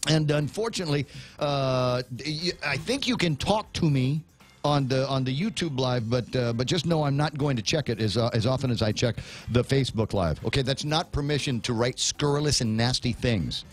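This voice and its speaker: A man's voice: mid-range voice, lively intonation, normal speed, soft background music. A man hosting a morning radio show, chatting casually, laughing often and stammering over repeated words. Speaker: radio host.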